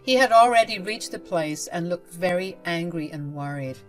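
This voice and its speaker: A woman narrating a personal story in a plain, steady way. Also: on the low side, moderate pace, faint music behind.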